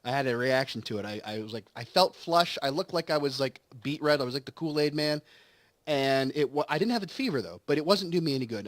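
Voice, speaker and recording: A man with a mid-range voice, recorded with no room sound, hosts a let's play. Over gameplay he chats casually, rambling through a long story with acted quotes while he recovers from surgery.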